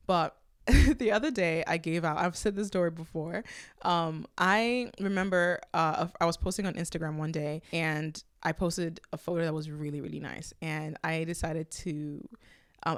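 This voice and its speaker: A woman with a fairly low voice hosts her own podcast and talks frankly to the listener. She tells personal stories in a relaxed, lively way, and the sound is dry and close, with no room echo. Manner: candid, conversational, animated storytelling. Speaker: podcast host. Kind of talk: casual solo podcast talk.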